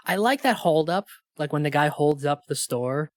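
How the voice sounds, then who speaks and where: A man's voice: a little high, lively intonation, moderate pace, no room sound. A laid-back man co-hosting a movie podcast, retelling scenes with easy enthusiasm and casual swearing. His voice comes across close and dry, with no room sound. He keeps a loose, chatty rhythm full of fillers. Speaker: podcast co-host. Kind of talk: casual movie review chat.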